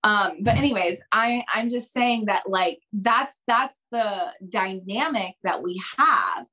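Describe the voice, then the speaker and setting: A young adult woman on a podcast, giving dating advice in an animated, expressive way and acting out quoted conversations. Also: medium pitch, takes it slowly. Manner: expressive, acts out quoted dialogue, addresses listeners as girls. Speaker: podcast guest, dating coach.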